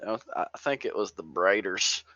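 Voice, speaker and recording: A man's voice: deep voice, normal speed, sharp tone, dry recording, highs cut off. A man co-hosting a casual gaming podcast, rambling and restarting his sentences with fillers as he recaps. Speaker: podcast co-host.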